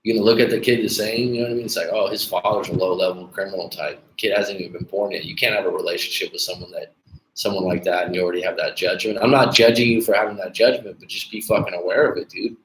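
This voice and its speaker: Casual male livestream coach, blunt and profane, slightly low voice, faint noise behind him. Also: fairly even intonation, fast talker, fairly bright tone. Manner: blunt, profane, casual, calls viewers dude. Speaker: dating coach livestream host. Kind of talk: casual livestream chat reading viewer comments. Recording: echoey room with faint background noise.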